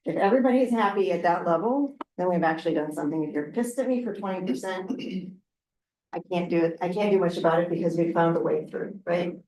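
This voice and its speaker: Frank, low-voiced woman council leader. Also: quick pace, warm tone, far from the mic. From Oregon. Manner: candid, chatty, frank, with laughs and filler words. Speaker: regional council president. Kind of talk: informal remarks at a council work session. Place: city council meeting room. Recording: roomy meeting room with faint noise.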